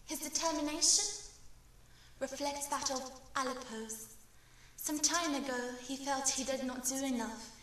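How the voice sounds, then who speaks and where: A woman's voice: high voice, a little slow, fairly bright tone, slight background noise. A woman from Syria giving an impassioned, declamatory spoken-word poetry recitation. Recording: very echoey room, mic far off.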